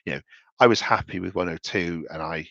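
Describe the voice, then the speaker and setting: A man talks through investment charts in a loose, thinking-aloud way, often restarting his sentences. His voice sits low. The recording is dry and slightly dull. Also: a little fast, vocal fry, fairly bright tone, no echo. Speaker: investment commentator. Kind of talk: casual market commentary over charts.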